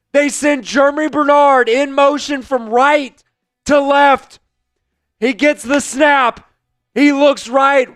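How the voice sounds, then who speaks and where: A hoarse man, hosting a fan livestream of a football game, calling plays, shouting and chanting in excitement. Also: extremely high pitch, dry recording. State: hoarse, voice worn out. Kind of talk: live fan play-by-play watch-along.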